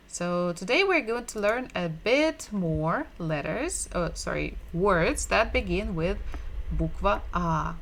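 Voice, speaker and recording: A woman giving a livestreamed language lesson, patiently repeating sounds and words slowly so learners can drill them. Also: fairly low pitch, lively intonation. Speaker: Russian language teacher.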